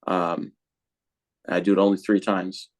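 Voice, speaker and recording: A man with a low, deep voice chats casually as a podcast co-host being interviewed. He rambles loosely, circling back with fillers and restarts as he thinks out loud. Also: level tone, a little slow.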